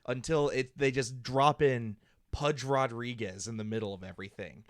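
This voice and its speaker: A man's voice: medium pitch, normal speed, dry recording, studio quality. A young man co-hosting a comedy podcast, chatting casually and laughing often as he tells stories. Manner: laughs often, animated storytelling. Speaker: podcast co-host.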